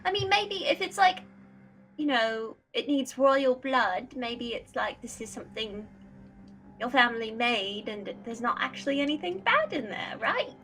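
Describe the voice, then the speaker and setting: A woman's voice: on the high side, lively intonation, a little slow, bright, forceful tone, rough recording. A woman playing a tabletop game, musing and thinking aloud. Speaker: player.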